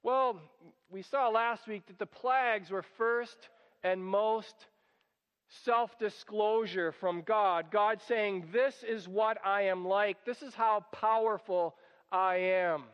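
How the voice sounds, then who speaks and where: A man preaching a sermon, animated and acting out quoted voices as he explains a passage. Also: sits high, takes it slowly, clean tone. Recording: dull sound with long hall reverb.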